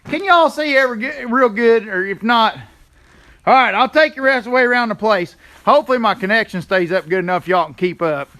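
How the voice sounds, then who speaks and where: A man's voice: very high voice, lively intonation, a little fast, bright, forceful tone. A man chatting casually on a live stream, folksy and greeting viewers by name, talking into a handheld phone while walking around his yard. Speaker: livestreaming channel host. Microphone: phone held in hand.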